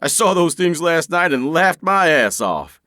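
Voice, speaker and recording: A man's voice: a little high, very animated, a little slow, sharp tone, no room sound, studio quality, voice pushed up, full character voice. A male audiobook narrator voicing a teasing young adult brother who goads and jokes. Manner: teasing, goading.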